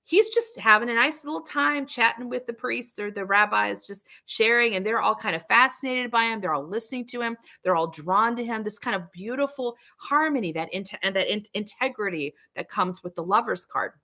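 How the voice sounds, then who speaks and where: A woman's voice: on the high side, normal speed, hardly any pauses, pushed and bright. A middle-aged woman hosting a livestream, teaching in an earnest, searching way and often restarting her thoughts. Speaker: livestream host, tarot teacher.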